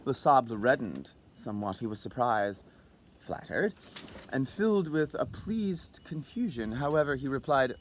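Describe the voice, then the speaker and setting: A man reading a classic short story aloud as narrator, in an expressive manner. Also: medium pitch, unhurried, slight background noise.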